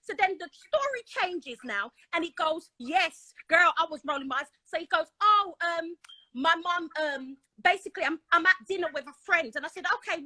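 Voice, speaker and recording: A woman tells a long personal story, excitable and dramatic, slipping into the voices of the people in it. Her voice sits very high and sounds bright and forceful. The sound is dry and close. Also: no echo, poor audio. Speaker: caller telling her story. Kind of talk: animated storytelling on a live stream.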